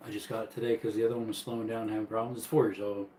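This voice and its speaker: A man's voice: on the low side, little pitch movement, very fast, mellow, roomy sound, a little hiss or hum, rough recording. A man casually hosting a live stream from his bedroom, easygoing and chatty as he reads viewer comments and laughs often. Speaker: livestream host.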